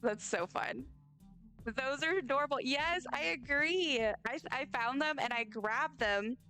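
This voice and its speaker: A woman's voice: high voice, a little slow, bright, forceful tone. Rambling, gushing young woman streamer. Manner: rambling, effusive, stumbles over words. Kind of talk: casual live-stream chat. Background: faint game music.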